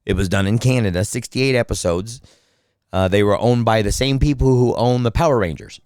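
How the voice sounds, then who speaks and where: A man's voice: fairly low pitch, fairly quick, darkish tone, smooth, dry recording, clean studio sound. A man who is a comedian and voice actor, telling stories in casual podcast chat with lots of swearing and fillers. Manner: storytelling, profane, lots of fillers. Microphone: studio microphone.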